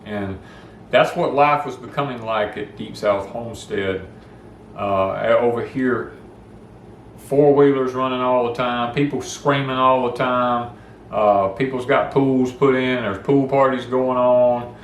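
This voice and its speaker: A man's voice: medium pitch, steady tone, a little slow, echoey room. An older man with a Southern US accent, chatting casually with viewers as a homestead channel host in a folksy, rambling way. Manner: folksy, rambling, gets worked up about noise.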